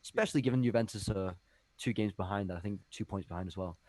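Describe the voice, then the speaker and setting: Fast-talking, opinionated football co-host. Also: male voice, fairly low pitch, darkish tone, no room sound. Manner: opinionated, stumbling over words. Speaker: co-host of a live football watch-along. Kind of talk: casual sports chat.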